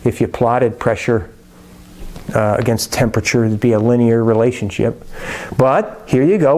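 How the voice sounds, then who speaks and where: Mellow-voiced man teaching chemistry. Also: medium pitch. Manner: chatty, self-correcting, jokey asides. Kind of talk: casual lecture.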